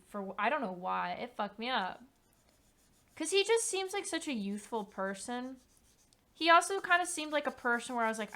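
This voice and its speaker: A woman's voice: on the high side, a bit bright. A young woman streamer chatting casually while she paints, rambling and candid, swearing now and then.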